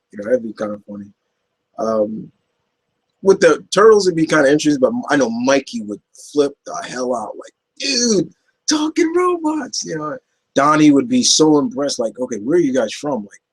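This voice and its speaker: A man's voice: mid-range voice, husky, poor audio. A man hosting a casual Q&A video, answering viewer questions in a rambling way with many fillers and restarts. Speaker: YouTube Q&A host. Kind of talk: casual Q&A chat.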